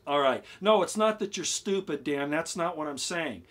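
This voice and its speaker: A man explaining things on a casual YouTube live stream. He gets excited, repeats himself and keeps asking his viewers "okay?". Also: fairly high pitch, moderate pace, a little hiss or hum.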